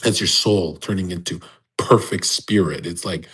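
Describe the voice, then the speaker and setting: A man talking in a profane, rambling monologue to listeners in a live audio room, swinging between loud bursts and low asides. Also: normal speed, slightly rough. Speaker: online personality hosting a live audio space. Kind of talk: casual monologue. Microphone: phone or desk mic in a live audio room.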